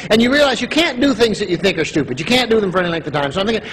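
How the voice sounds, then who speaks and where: Speaking very fast with a high voice and hardly pausing, a middle-aged Canadian motivational speaker delivers a funny keynote. He tells animated stories and mimics the voices of other characters.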